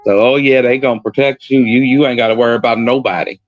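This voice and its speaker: A man hosting a casual chat, telling lively, teasing stories. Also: medium pitch, fast, no room sound. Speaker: host.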